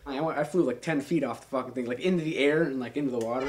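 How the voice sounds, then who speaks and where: A young man in his twenties telling a long, rambling, profane story in a casual, animated way. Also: medium pitch, quick pace.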